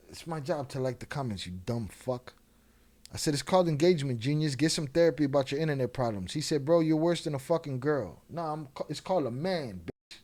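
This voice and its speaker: A man's voice: fairly high pitch, darkish tone. Profane, taunting man ranting as host. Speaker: channel host. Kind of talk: angry commentary rant.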